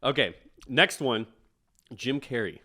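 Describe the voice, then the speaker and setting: A man's voice: mid-range voice, lively intonation, slow, sharp tone. A young man hosting a casual podcast chat, laid-back and joking, swearing freely. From northwestern United States. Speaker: podcast host.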